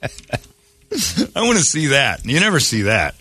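A man's voice: mid-range voice, wildly swooping pitch, bright, forceful tone, breathy edge, no room sound. A man co-hosting a morning radio show, joking and riffing in casual banter. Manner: joking, riffing, quick asides.

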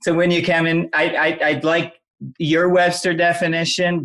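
A man's voice: fairly high pitch, flat delivery, normal speed, fairly bright tone. A man, a guest on a podcast, telling his story in an earnest, emphatic conversational way. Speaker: podcast guest, apparel brand founder.

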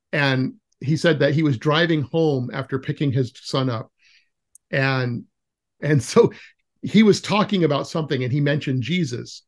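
Guy hosting a podcast, casual storytelling, laughs a lot, normal pitched voice. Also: moderate pace. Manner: laughs often, animated when retelling stories. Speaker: podcast host interviewing an educator.

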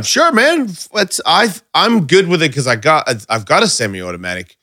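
A man co-hosting a casual podcast chat, swearing freely and telling stories with lots of quoted dialogue, jumping high in pitch whenever he quotes someone. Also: moderate pace. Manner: profane, animated, jumps high when quoting people.

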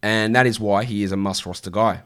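Brief: man in his thirties, livestream Q&A host, blunt and sweary, quick to rant. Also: fairly low pitch, fairly even intonation, a bit bright, clean tone. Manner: blunt, swearing, exasperated rants. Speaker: fantasy basketball streamer answering viewer questions. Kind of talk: casual livestream Q&A.

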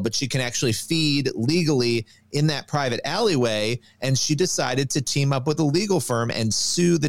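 A man's voice: mid-range voice, dry recording. Man reporting a news story casually. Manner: explains stories steadily, conversational. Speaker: news reporter and podcast co-host.

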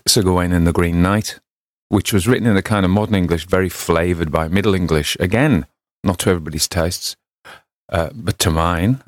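A middle-aged man, host of a storytelling podcast, reading a classic novel aloud and chatting in an unhurried, wry way. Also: sits low, no room sound, studio quality.

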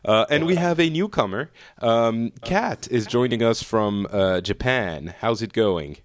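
A man's voice: mid-range voice, animated, a little slow, no room sound, clean studio sound. French man hosting a casual podcast. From France. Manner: joking, many fillers and restarts. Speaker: podcast host. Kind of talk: casual online round-table chat.

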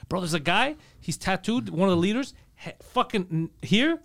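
A man co-hosting a podcast, telling stories in fast, profane, excitable casual chat. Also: high voice, vocal fry. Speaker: podcast co-host.

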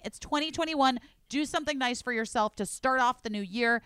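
Bubbly chatty woman, smooth dry voice. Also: fairly high pitch, a little fast, few pauses, no echo. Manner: drops to a quiet voice for emphasis. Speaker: podcast host reading ads. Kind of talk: casual chat ad read.

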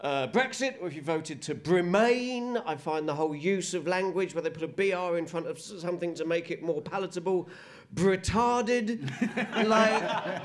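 High-voiced man doing a wry stand-up bit. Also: moderate pace, few pauses. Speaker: stand-up comedian. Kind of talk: stand-up set on a comedy panel show.

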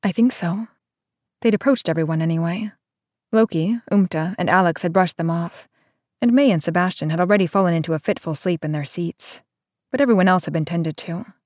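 A woman narrating a novel aloud in a steady, even storytelling manner. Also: fairly low pitch, brisk, no echo, studio quality. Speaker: audiobook narrator. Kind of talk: scripted narration.

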